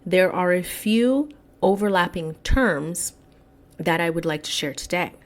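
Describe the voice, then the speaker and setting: A woman hosting a solo podcast, speaking in an emphatic commentary style and slowing down to stress key words. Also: lowish voice, lively intonation. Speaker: podcast host.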